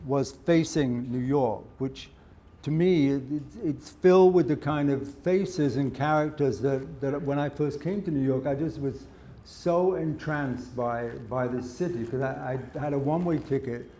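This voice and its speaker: An older man with an English accent interviewing onstage, telling animated anecdotes and laughing often. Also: mid-range voice, a little slow, a little hiss or hum. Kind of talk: onstage conversation. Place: live event before an audience.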